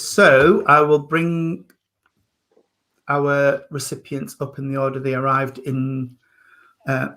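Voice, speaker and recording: A man's voice: medium pitch, fairly bright tone. A man, a reverend and medium, hosting an online service with affectionate, chatty readings over a video call. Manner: affectionate, calls people darling and sweetheart.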